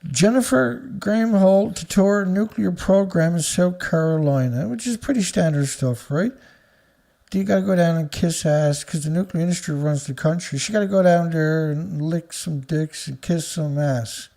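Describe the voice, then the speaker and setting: A man with a slightly high, gravelly, warm voice at normal speed hosts a news commentary show. He reads headlines aloud, then launches into angry, profane rants full of insults.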